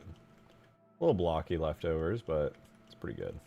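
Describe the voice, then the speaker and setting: Deep-voiced joking male streamer. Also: huge pitch swings, a little slow, vocal fry, warm tone, faint music behind. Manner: rambling, joking, swears freely. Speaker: livestream host. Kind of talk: casual livestream chat.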